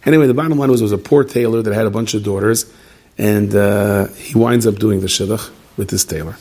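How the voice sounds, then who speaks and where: A man's voice: fairly low pitch, steady tone, fast talker, darkish tone. A man, a rabbi, telling a story in a sermon, chatty and full of joking asides, with Yiddish and Hebrew words mixed into his speech.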